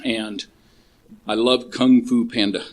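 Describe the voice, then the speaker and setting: A man's voice: mid-range voice, steady tone, takes it slowly. Older man, plain voice, blunt and profane, telling his recovery story to a meeting.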